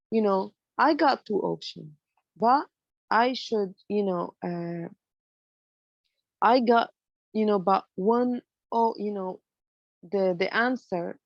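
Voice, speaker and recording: A woman's voice: mid-range voice, no room sound, dull audio. Woman teaching English grammar. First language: Arabic. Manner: explains in English mixed with Arabic, many fillers. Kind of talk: online lecture.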